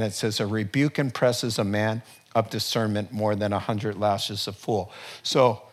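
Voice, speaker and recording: A man preaching a sermon from a church platform in a conversational, storytelling way with lively asides. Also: lowish voice. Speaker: pastor.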